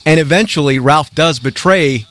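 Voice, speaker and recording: A man interviewing a writer, earnest and halting, sharing his own stories as he asks. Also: on the high side, a bit bright, no room sound. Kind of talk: interview questions and chat.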